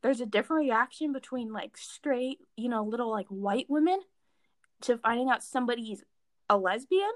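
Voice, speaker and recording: A young woman rants in a casual chat, heated and exasperated, with "like" scattered through her sentences. Her voice sits fairly high. The recording is dry and close, with no room sound. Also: animated, normal speed, no echo. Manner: heated, exasperated, lots of fillers.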